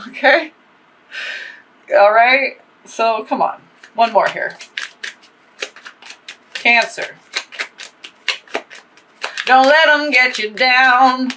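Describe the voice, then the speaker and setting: A woman giving a casual tarot reading, talking in a rambling, profane and animated way. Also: high-pitched, very slow, long pauses, slight background noise, low-quality recording. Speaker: tarot reader.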